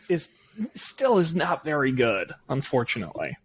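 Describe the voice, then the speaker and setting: A man's voice: fairly high pitch, big pitch swings, moderate pace, slightly rough. A man co-hosting a tech podcast, chatting casually and confidently recommending gadgets. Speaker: podcast co-host.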